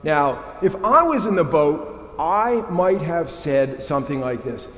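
Guy pastor giving a joking, lively sermon, kinda high voice, big echoey church with long reverb. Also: unhurried. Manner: lively, humorous, conversational.

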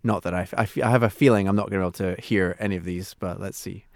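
A man's voice: low voice, steady tone, very fast, a little hiss or hum. A man co-hosting a casual comedy chat, talking in a chatty, thoughtful way. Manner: chatty, thoughtful, trails off with fillers. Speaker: co-host.

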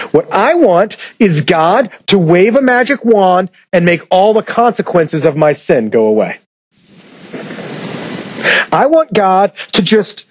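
A male pastor delivers a sermon in a relaxed, conversational way, often asking his listeners rhetorical questions. His voice sits high for a man. The sound is dry and close, with almost no room in it. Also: husky, no room sound, poor audio.

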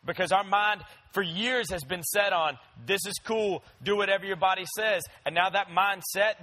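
A young man preaching with a high, bright, ringing voice. He talks to the congregation casually, like a friend telling stories, and breaks into playful voices to act out the scenes. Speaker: pastor. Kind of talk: sermon.

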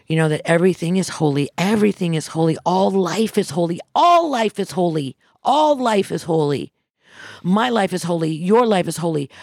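A woman's voice: mid-range voice, darkish tone, no room sound, clean studio sound. A woman from Missouri giving an impassioned motivational speech, emphatic and repetitive, speaking from the heart. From Missouri, USA.

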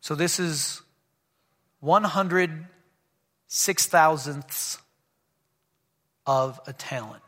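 A man's voice: fairly high pitch, very slow, pauses often, a bit bright. A man preaching a sermon in a church, reading scripture and breaking off into casual, joking asides to the congregation. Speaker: pastor. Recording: long hall reverb.

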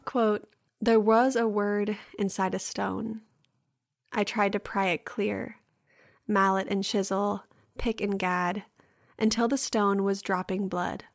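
Woman, podcast host, slow unhurried reading, flat even delivery, dry close sound. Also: mid-range voice, creaky, dry recording. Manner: calm, unhurried, gentle. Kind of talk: reading a poem aloud.

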